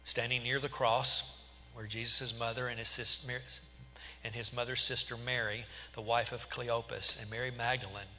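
A man narrates scripture in a steady, dramatic reading, stumbling a little now and then. His voice is very bright and clear. A long hall reverb trails behind it. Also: medium pitch, moderate pace. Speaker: scripture reader.

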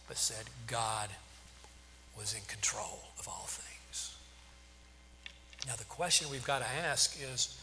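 A man delivers a sermon, pressing his listeners with rhetorical questions. His voice is bright and clear, and it rings out with a long echo through a large hall. A faint hum runs underneath. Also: medium pitch. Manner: asks rhetorical questions, emphatic preaching. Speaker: pastor.

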